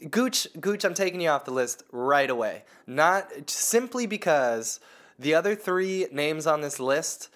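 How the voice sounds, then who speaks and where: A man's voice: fairly high pitch, animated, a little slow, a bit bright. A man co-hosting a casual comedic podcast chat, swearing often and laughing as he talks. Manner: profane, laughing, emphatic. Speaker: podcast co-host.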